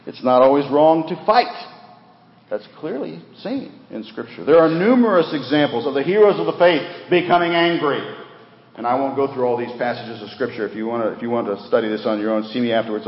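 A man preaching a sermon with earnest emphasis, rising for key points and dropping low, in a church sanctuary. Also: animated, a little fast. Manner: earnest, rises for emphasis then drops low, repeats words. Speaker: pastor. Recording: dull roomy recording with long reverb.

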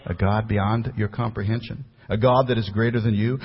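A man preaching a sermon as a pastor, building to emphatic peaks and then dropping low and quiet. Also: moderate pace, hardly any pauses, husky. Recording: muffled recording with long hall reverb.

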